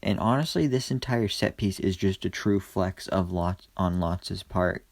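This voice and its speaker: Brief: male TV reviewer, casual recap, fry in the voice, dry close sound. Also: deep voice, unhurried, dry recording. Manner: chatty, enthusiastic, frequent ums and restarts. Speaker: TV episode reviewer.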